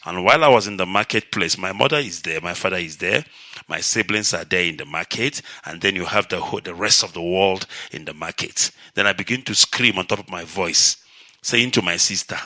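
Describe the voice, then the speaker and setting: A man with a Nigerian accent hosting a live radio call-in show, talking in a measured, lecturing way. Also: sits low, dry recording. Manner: measured, lecturing, rises to animated shouting when telling stories. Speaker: radio host.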